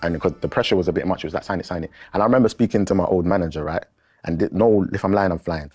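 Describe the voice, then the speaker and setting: A rapper, telling a story in an interview in an animated way and acting out the voices of the people in it. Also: male voice, sits low, rapid-fire, faint music behind.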